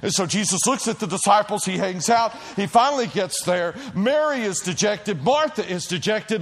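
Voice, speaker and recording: A middle-aged male pastor preaching a sermon in a church, telling stories dramatically, dropping to a hush and then shouting as he acts out the quotes. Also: high-pitched, animated, moderate pace, hardly any pauses. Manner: dramatic storytelling, acting out quotes, swings from hushed to shouting. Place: church auditorium.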